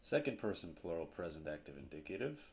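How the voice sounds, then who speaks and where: A man teaching a grammar lesson at a board, slow and deliberate, repeating each verb form. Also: low-pitched, sing-song, gravelly, slight background noise.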